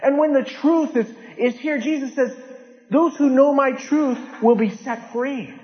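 A man preaching a sermon as pastor, impassioned, swinging from loud urgent peaks to low hushed lines. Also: unhurried. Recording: dull lo-fi sound in a large reverberant hall.

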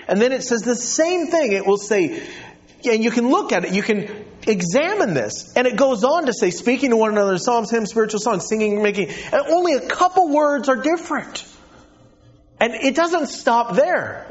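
A man preaching a sermon in a high voice, emphatic and animated as he drives his points home. His pitch swings widely from line to line. The recording sounds dull and lo-fi. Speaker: pastor.

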